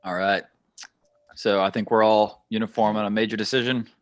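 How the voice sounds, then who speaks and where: Brief: male podcast host, low voice, dry close sound, brisk moderator. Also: level tone, no room sound. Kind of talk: casual chat.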